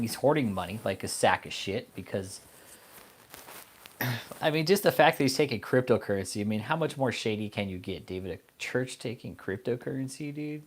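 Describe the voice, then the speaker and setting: A man's voice: medium pitch, expressive, a little fast. A man hosting an online commentary show, ranting angrily and profanely at a preacher, mocking him with insults. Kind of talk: casual profane rant.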